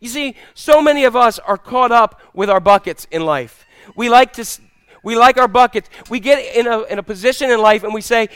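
Preacher guy telling bible stories, high clear voice, dry sound. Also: a little fast, no echo. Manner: animated storytelling, acts out characters. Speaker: pastor. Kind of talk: sermon.

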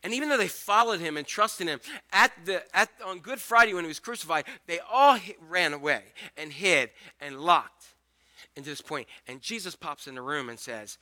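A male pastor giving a conversational, animated sermon, acting out the scripture scenes as he goes. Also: high voice, normal speed.

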